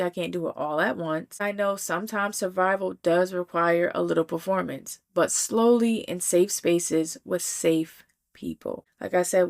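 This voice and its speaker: A young adult woman hosting a solo podcast, talking in an earnest, heartfelt way and slowing down to stress her points. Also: fairly low pitch, gravelly. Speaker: podcast host. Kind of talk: solo reflective podcast monologue.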